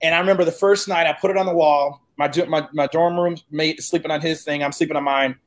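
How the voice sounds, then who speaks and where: Animated, profane man telling a story. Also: fairly high pitch, quick pace. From Chicago. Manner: animated, profane, acts out quoted dialogue. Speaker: guest. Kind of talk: casual storytelling.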